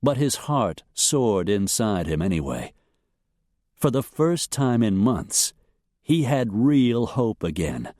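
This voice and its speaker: A man narrating a western novel in a measured storytelling manner. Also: fairly low pitch, sing-song, darkish tone, no echo, studio quality. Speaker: audiobook narrator.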